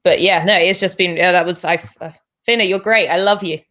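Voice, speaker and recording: A young woman, a guest on a comedy chat show, talking quickly and effusively, often trailing off mid-thought. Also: on the low side, steady tone, a bit bright. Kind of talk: casual chat.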